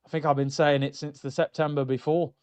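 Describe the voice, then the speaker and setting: A middle-aged man hosting a casual football fan live stream, reading viewer comments in an animated, mocking way. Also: fairly quick, smooth. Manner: animated, mocking, jumps into high exclaims.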